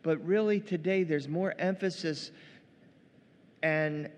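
High-voiced man preaching in a reverberant church. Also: takes it slowly. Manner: animated preaching, acting out quoted voices. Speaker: pastor. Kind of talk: sermon.

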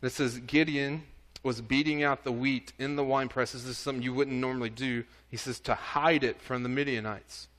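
A man's voice: medium pitch, steady tone, brisk, fairly bright tone. A man preaching a sermon, reading scripture aloud and earnestly urging his listeners. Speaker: pastor. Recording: audio recording of a church service.

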